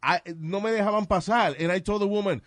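A man telling animated stories in casual chat, mixing Spanish and English. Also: high-pitched, fast talker, no room sound, studio quality. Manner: storytelling, switches between Spanish and English. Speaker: entertainer and MC.

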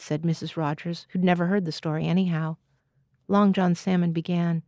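A woman reading literary fiction aloud as a guest reader, in an even, measured way. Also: lowish voice, dry recording, clean studio sound.

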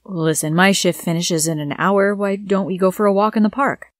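A woman voicing a friendly, soft-spoken young man in a told story. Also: mid-range voice, steady tone, moderate pace, no echo, clean studio sound, lightly acted.

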